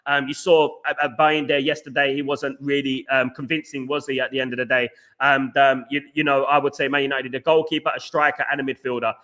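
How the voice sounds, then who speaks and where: Fast-talking man, bright and animated. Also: mid-range voice. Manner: rapid, animated, repeats himself, lots of fillers. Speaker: podcast host reading live chat. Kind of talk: casual live-stream chat.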